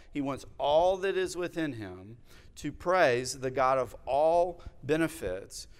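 A pastor in his thirties delivers a sermon in a smooth, resonant voice of ordinary pitch. He speaks in a measured, reflective way and weaves in personal stories. His words trail into the long echo of a large church hall.

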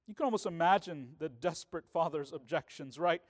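Delivering his sermon briskly and with hardly any pauses, this pastor has a voice on the high side. His preaching feels conversational, and he often turns to the congregation with "right?"

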